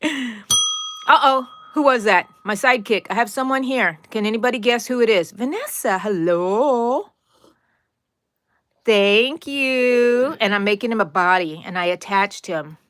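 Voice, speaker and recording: A woman's voice: fairly high pitch, expressive, measured pace, a bit bright, no echo. A woman hosting a crochet live stream, chatting playfully, laughing often and greeting viewers by name. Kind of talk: casual live-stream chat.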